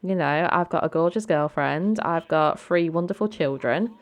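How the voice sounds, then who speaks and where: A woman's voice: sits low, moderate pace, lightly acted. A woman voicing a breezy defiant gal. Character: confident young woman, strong, unbothered.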